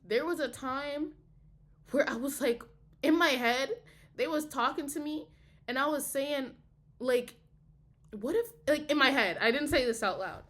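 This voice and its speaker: A woman's voice: high-pitched, unhurried, pauses often, a bit bright. A young woman, a college student, talking heatedly and profanely in a casual video diary. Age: young adult. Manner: heated, profane, emphatic ranting.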